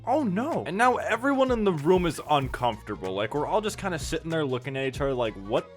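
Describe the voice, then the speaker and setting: Animated young man telling a story. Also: fairly high pitch, fast talker, faint music behind. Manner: animated, emphatic, laughs often at his own story. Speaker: gaming YouTuber telling a story. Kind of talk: casual storytime narration over gameplay.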